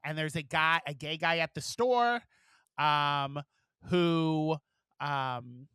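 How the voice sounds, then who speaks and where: A man's voice: a little high, slow pace, pushed and bright, smooth, no room sound. A man co-hosting a casual podcast, chatting loosely and swearing freely as he recaps a show. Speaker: podcast co-host. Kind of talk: casual chat.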